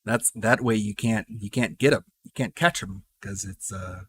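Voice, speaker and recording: A man's voice: lowish voice, normal speed, a bit bright, breathy edge. A man streaming live and reacting to a video with joking, teasing asides.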